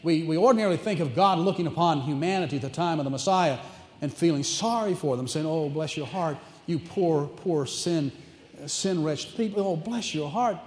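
A man with an East Tennessee accent preaching a sermon, animated and emphatic, asking the congregation questions. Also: a little high. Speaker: pastor. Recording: echoey church hall reverb.

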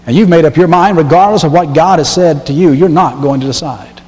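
Emphatic preacher in a reverberant church. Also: male voice, a little high, fairly quick, darkish tone. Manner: emphatic, repeats key phrases, reads scripture aloud. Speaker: pastor. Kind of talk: sermon. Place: church sanctuary. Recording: long hall reverb.

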